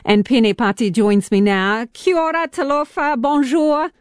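A woman's voice: high voice, steady tone, unhurried, clear, resonant tone, no room sound, clean studio sound. Teasing woman host. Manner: teasing, upbeat. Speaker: radio host. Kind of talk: casual interview.

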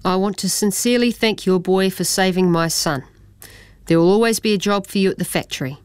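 A woman's voice: mid-range voice, a little fast, a little mellow, clear, resonant tone, dry recording, natural voice. A woman voicing a stiff, formal man who owns a factory, hurrying through a storybook apology. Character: wealthy male factory owner, stiff and formal.

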